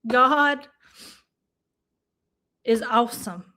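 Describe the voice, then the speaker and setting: A woman talks to her livestream viewers in an easy, chatty way. Her voice sits high, and she speaks at an unhurried, drawn-out pace, often turning to her audience as y'all. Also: bright, forceful tone. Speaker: livestream host. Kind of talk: casual livestream chat.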